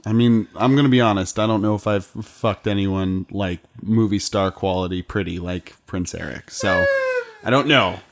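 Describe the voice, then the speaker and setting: A man's voice: on the low side, moderate pace. A man hosting a casual podcast, joking and laughing as he reads listener questions to the group. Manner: jokey, laughs often, reads questions aloud.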